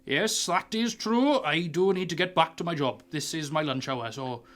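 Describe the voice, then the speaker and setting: A man's voice: on the high side, normal speed, a bit bright, natural voice. A man voicing a scarred dragonborn sailor and dockworker who talks in a drawling, matter-of-fact way. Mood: dry.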